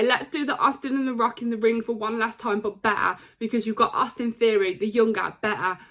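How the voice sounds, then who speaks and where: A young woman casually recapping a wrestling show, excitable, with lots of ums and quoted lines. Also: medium pitch. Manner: excitable, retells scenes with quoted lines and many fillers.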